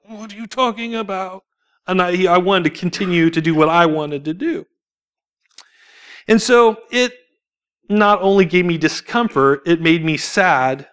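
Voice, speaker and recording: A young adult man giving a church testimony, telling his story in an animated, informal way, laughing often and acting out what people said. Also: on the high side. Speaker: church speaker sharing testimony. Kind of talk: sermon testimony.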